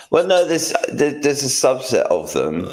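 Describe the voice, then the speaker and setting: A man's voice: medium pitch, sing-song, slow, rough recording. A man co-hosting a casual chat, dry and disdainful, given to rambling. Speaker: co-host.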